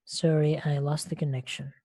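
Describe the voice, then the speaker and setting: A woman's voice: low-pitched, level tone, moderate pace, warm tone. A woman teaching an English lesson on an online call, speaking patiently and repeating words and questions for her learners.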